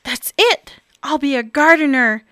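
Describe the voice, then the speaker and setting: A woman's voice: high voice, sing-song, unhurried, a bit bright, dry recording, studio quality, voice pushed up, heavily acted. A woman voicing a nervous man looking after pets, stuttering and fretful. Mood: resigned. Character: flustered nervous male pet sitter.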